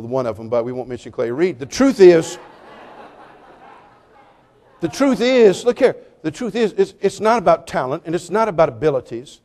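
A male preacher with a high-pitched voice delivers a sermon. He tells stories with comic timing. He swings between loud, lively bursts and hushed, pleading appeals. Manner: animated, joking storytelling with sudden drops to quiet appeals.

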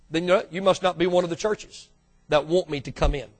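A man preaching a sermon as the church's pastor, swinging from loud bursts to hushed asides and calling out to the congregation. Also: fairly high pitch, a little fast. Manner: calls out to the congregation for response.

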